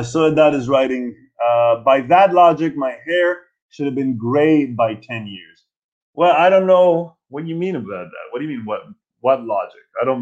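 A man's voice: medium pitch, lo-fi sound. A man in his forties hosting a casual live stream from his old bedroom, ranting and telling stories in a profane, self-mocking way. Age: 40s.

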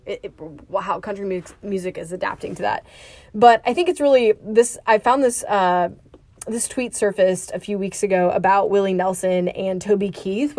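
A woman, co-hosting a podcast in casual chat and reading a story aloud with gusto. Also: mid-range voice. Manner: animated, reads aloud with growing gusto. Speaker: podcast co-host.

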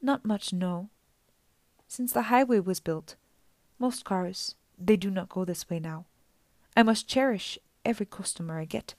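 A woman's voice: mid-range voice, darkish tone, dry recording, natural voice. A woman reading a sweetly sinister old lady. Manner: slow, soothing and sad. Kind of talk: audiobook character reading.

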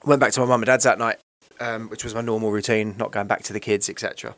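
A man's voice: fairly low pitch, fairly even intonation, fast talker, a bit bright, no echo. A man, telling his own story in a candid, emotional, rambling way, often asking "right?" and "you know". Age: 30s. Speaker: podcast guest.

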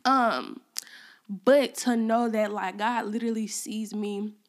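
A woman's voice: medium pitch, little pitch movement, a little slow, darkish tone. A young woman hosting a faith podcast, talking in a rambling, heartfelt way with many fillers, close to tears at times. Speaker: podcast host. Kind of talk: personal faith podcast talk.

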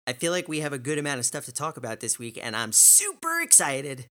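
Brief: male host, crisp bright tone, dry teasing delivery. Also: mid-range voice, huge pitch swings, brisk. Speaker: podcast host. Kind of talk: casual chat.

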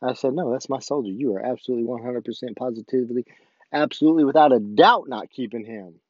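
A man's voice: medium pitch, fast, no room sound, highs cut off. A man, an army sergeant, casually telling a story about his duty station and acting out the dialogue. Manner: animated, acts out quoted dialogue.

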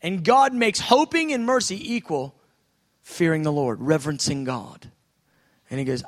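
A man preaching a sermon, moving between quiet reflective speech and loud, excited outbursts as he acts out prayers. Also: on the high side, normal speed, big-room sound. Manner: swings from soft musing to loud excited outbursts.

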